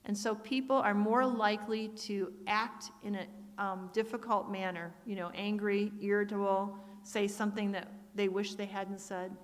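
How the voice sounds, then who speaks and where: This middle-aged woman's sermon mixes family storytelling, acted-out family voices, and Bible verses read aloud. Her pitch is medium and her delivery flat, moving at a moderate pace with few pauses. The church sanctuary gives the recording a reverberant hall sound.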